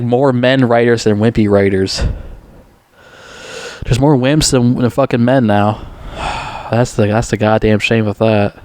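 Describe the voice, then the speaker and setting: A man's voice: mid-range voice, darkish tone, no echo. A man reviewing a movie in a casual, rambling recap, swearing freely and stumbling over fillers and restarts. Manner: profane, full of fillers and restarts.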